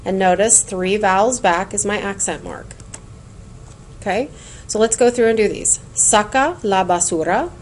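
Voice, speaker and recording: Unhurried and medium in pitch, a woman teaches Spanish in a recorded lesson, with a bit of background noise. She walks through material patiently and clearly, chanting lists of words in a lilting, sing-song way.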